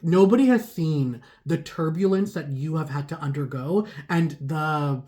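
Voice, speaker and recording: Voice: medium pitch, unhurried, a little mellow. Sassy, fired-up intuitive reader. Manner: sassy, calls listeners baby and honey; gets fired up and emphatic. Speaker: spiritual reader addressing viewers. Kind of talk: casual intuitive reading.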